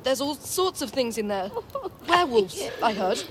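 A man's voice: very high voice, big pitch swings, moderate pace, crowd noise, voice pushed up. A man reading a book aloud and voicing a spoiled, snobbish schoolboy who whines and complains. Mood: whiny. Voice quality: haughty, whiny.

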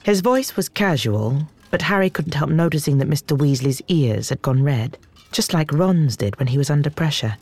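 A woman reading an audiobook as narrator, in a measured, clear way. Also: sits low, lively intonation, a little mellow, no room sound. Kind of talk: scripted narration.

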